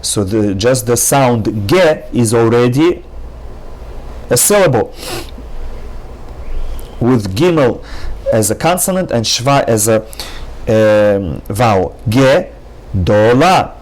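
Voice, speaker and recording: A man's voice: medium pitch, animated, slow, pauses often, a little mellow. A man teaching a language lesson, patiently explaining each point and repeating every word several times. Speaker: Hebrew teacher. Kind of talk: slow, careful language lesson.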